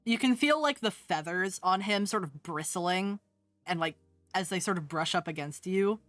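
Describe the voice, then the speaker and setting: A woman narrating as game master of a tabletop game, soft and hesitant, with many fillers. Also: lowish voice, normal speed, dry recording, faint music behind.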